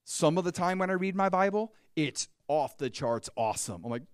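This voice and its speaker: A man preaching a sermon, telling a story with animated swings between hushed and excited delivery. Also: medium pitch, moderate pace, few pauses, clean tone, dry recording, studio quality.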